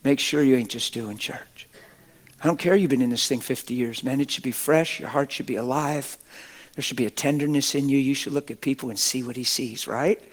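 A middle-aged male pastor preaching with folksy exuberance, laughing between his points. His voice sits at an ordinary pitch for a man. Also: fairly quick. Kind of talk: sermon.

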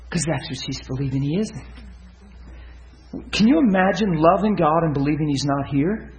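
A man preaching, telling stories to his listeners, swinging from loud excitement to hushed tenderness. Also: a little high, moderate pace, roomy sound, rough recording. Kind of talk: sermon storytelling.

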